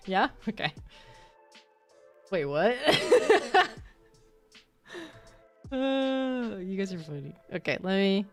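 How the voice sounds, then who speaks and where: A woman's voice: mid-range voice, very animated, very slow, pauses often. A woman streamer chatting casually with her viewers, laughing often and answering chat. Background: faint background music.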